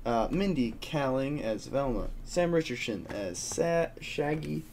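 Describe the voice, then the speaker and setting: A man's voice: medium pitch, lively intonation, unhurried, a little mellow, slight background noise. A young man co-hosting a casual pop-culture podcast, rambling loosely and swearing offhand. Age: young adult. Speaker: podcast co-host.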